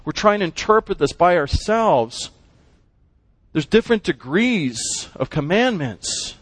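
High-voiced man teaching a Bible lesson. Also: dry recording. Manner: animated, asks the class questions.

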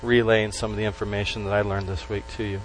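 A man preaching a sermon to a congregation, stressing key words slowly and letting his voice drop at the ends of phrases. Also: fairly low pitch, level tone, a little hiss or hum, poor audio. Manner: emphatic, with slow stressed words and dropped endings. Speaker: pastor.

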